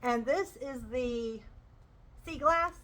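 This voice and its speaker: Lady gushing away in a casual vlog, crisp bright tone, a little high. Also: slow pace, slight background noise, rough recording. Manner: gushing, chatty and enthusiastic. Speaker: crochet vlogger. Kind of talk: casual show-and-tell chat.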